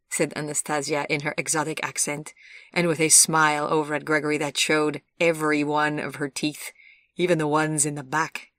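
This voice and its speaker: A woman narrating an audiobook in a calm, even storytelling manner. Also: low-pitched, normal speed, no echo, studio quality. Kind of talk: scripted narration.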